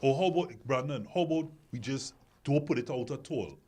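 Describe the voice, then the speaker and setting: A man's voice: mid-range voice, a little fast, warm tone. Emphatic man. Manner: questioning, emphatic, repeats words when building a point. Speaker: podcast host. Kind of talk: casual discussion.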